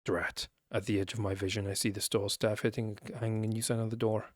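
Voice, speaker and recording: A man's voice: on the low side, little pitch movement, a little fast. A man reading a story game's text aloud, stumbling over words and breaking off to comment.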